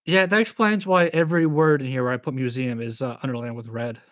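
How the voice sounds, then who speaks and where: A man's voice: mid-range voice, fairly even intonation, fast, no echo, clean studio sound. A man hosting a podcast in casual chat, reading out notes, joking, laughing often and swearing. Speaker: podcast host.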